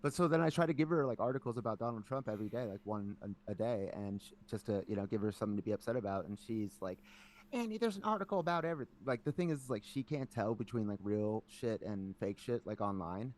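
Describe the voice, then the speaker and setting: Lowish-voiced guy cohosting a podcast, animated storyteller, says like constantly. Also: quick pace, few pauses. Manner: animated storyteller, lots of "like", acts out family members. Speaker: podcast co-host. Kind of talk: casual chat.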